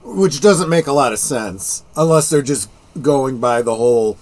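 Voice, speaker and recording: A man's voice: medium pitch, a little slow, darkish tone. A man hosting a casual watch-along film commentary, making wry, joking asides.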